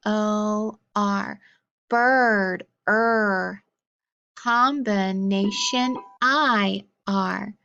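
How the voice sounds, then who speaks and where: A woman teacher runs a phonics drill, calling out sounds and spelling them letter by letter. She speaks at a very slow, deliberate pace. The recording sounds dull and lo-fi. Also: mid-range voice, a bit bright.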